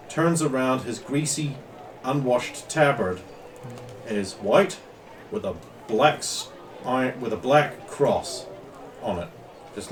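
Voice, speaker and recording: A man's voice: medium pitch, distant mic, a little hiss or hum. A man running a tabletop role-playing game as game master, narrating in a casual, rambling way.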